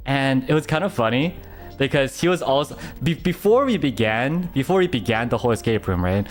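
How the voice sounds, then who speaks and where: A young man streamer telling a story in casual chat, animated, with stammering restarts and frequent laughter. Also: medium pitch, brisk, faint music behind.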